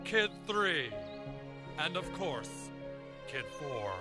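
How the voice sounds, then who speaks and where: A man voicing a cartoon politician who gives a slow, grave eulogy. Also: fairly high pitch, big pitch swings, sharp tone, faint music behind, exaggerated voice. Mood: solemn. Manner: slow, grave, mournful delivery.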